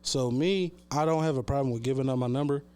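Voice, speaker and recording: A man's voice: mid-range voice, fast talker, clean tone. A man who works as a barber, talking casually and bluntly on a podcast, with lots of swearing. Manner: blunt, profane, animated storytelling.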